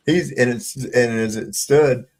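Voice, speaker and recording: A man on a video-call livestream, telling stories with lots of swearing and laughter, getting loud when he retells arguments. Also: mid-range voice. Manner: profane, storytelling, laughs often, gets heated retelling run-ins. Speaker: panel co-host. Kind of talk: casual livestream chat.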